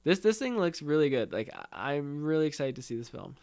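A man co-hosting a laid-back podcast, talking with eager enthusiasm. He peppers his sentences with "like" and "man" as he gets excited. His voice sits a bit higher than most men's. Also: brisk, vocal fry. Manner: excitable, fills speech with "like" and "man". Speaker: podcast co-host. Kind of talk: casual chat.

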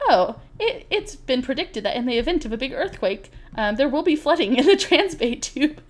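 A woman's voice: sits high, sing-song, moderate pace. A young woman co-hosting a podcast, telling a story in casual chat with lots of laughter and acted-out quotes. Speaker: podcast co-host.

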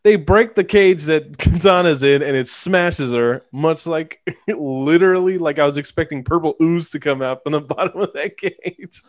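A man with a slightly high voice riffs through a casual movie-review chat. He talks in an animated, sarcastic way and laughs often. The sound is dry and close, with no room echo. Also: moderate pace. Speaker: podcast co-host.

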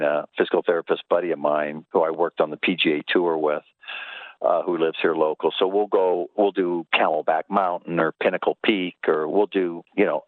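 A man's voice: low voice, no echo. Older guy, ex trainer, telling stories, muffled call audio, dry. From Los Angeles. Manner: animated, puts on voices in anecdotes. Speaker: guest, former baseball trainer. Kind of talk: casual storytelling.

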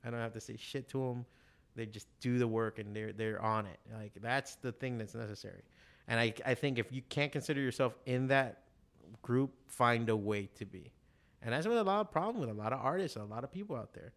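Profane, animated man in casual chat. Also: mid-range voice, brisk. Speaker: comic artist and shop owner.

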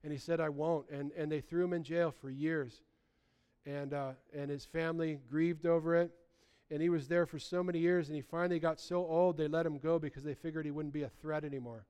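A man preaching a sermon in a lively, conversational way, often restarting his sentences. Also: fairly high pitch, a little fast, smooth. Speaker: pastor.

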